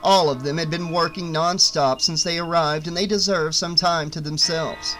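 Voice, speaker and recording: A man reading an audiobook aloud in a steady, expressive way. His voice sits a bit high for a man. Quiet music plays faintly beneath him. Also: normal speed. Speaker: audiobook narrator. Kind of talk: audiobook narration.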